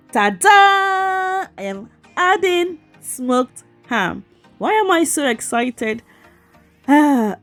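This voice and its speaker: A woman cooking vlogger with a chatty, playful manner. She teases her viewers, giggles and talks straight to them as she builds a bowl. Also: a little high. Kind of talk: voice-over cooking demo.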